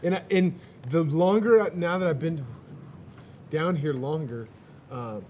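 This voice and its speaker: Cussing, animated biker man. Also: fairly high pitch, measured pace, slight background noise. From Texas. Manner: profane, animated storyteller. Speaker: motorcycle traveler. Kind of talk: casual chat.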